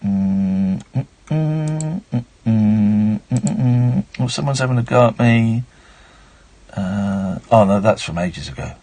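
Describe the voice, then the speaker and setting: A man's voice: on the low side, slow, mellow. A man hosting a late-night radio show, reading a book aloud on air and breaking off for playful asides. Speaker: radio host. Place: radio studio. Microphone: studio microphone.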